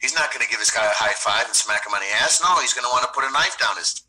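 Streetwise self-defense guy, blunt and cussing, really bright forceful voice. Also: medium pitch, lively intonation, fast talker, rough recording. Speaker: podcast guest, self-defense instructor. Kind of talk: casual interview talk.

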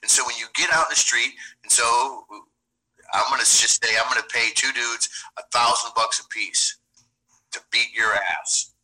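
A man with a very bright, forceful voice talks through self-defense in a casual interview. His delivery is blunt and streetwise, full of slang and profanity, in a middle-pitched tone. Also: fairly even intonation, normal speed, low-quality recording. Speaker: podcast guest, self-defense instructor.

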